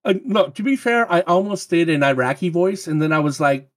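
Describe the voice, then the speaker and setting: A man's voice: fairly high pitch, animated, fairly quick, crowd noise. A man joking around as a podcast co-host and contestant in a comedy game. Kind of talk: casual chat.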